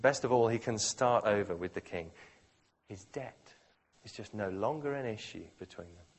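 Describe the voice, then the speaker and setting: A man preaching a sermon, dramatically shifting between quiet, slow phrases and loud, forceful ones. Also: lowish voice, lively intonation, breathy edge.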